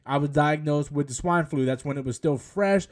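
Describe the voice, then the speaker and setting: A man's voice: on the high side, normal speed, darkish tone. Chatty male live-stream host. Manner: chatty, rambling, reads viewer messages. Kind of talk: casual live-stream review chat.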